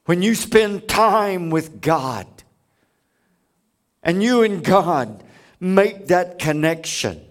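Male preacher, slow and emphatic, storytelling sermon, fairly high voice. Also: expressive.

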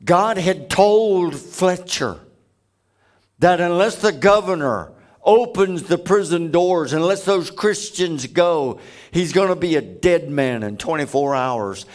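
A man's voice: on the high side, animated, takes it slowly. A man preaching a sermon, telling stories with emphatic, earnest delivery. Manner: emphatic storytelling.

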